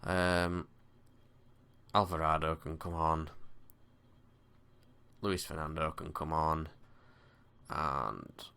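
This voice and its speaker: A man casually commentating his own football management game, with excited bursts and weary sighs. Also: rumbling low, extremely slow, vocal fry, pauses often, smooth. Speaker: gaming commentator. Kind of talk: casual let's-play commentary.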